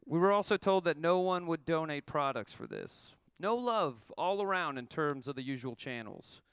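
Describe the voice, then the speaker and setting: A man's voice: a little high, fairly bright tone, clear, resonant tone, no echo. A man in his thirties telling a wry, profane story about his band's tour, reading a prepared account to an audience. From Oklahoma.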